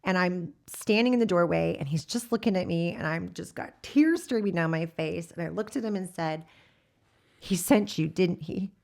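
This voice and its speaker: A woman's voice: fairly low pitch, animated, fairly quick, creaky, few pauses. A woman in her thirties giving a personal testimony in an interview, telling her story candidly and quoting the people in it. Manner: candid storyteller who quotes herself and laughs often.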